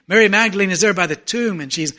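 High-voiced preacher telling a story. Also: male voice, fast. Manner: storytelling, acting out voices, swings from loud to very soft. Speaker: pastor. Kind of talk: sermon.

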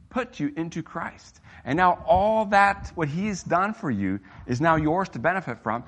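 A man's voice: fairly high pitch, fairly bright tone. A middle-aged man preaching a sermon in an emphatic, earnest way, his voice rising and dropping for emphasis.

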